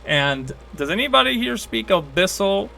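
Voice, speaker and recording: A man narrating a tabletop game as game master in a casual, animated storytelling way. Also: sits high, moderate pace, creaky, slight background noise.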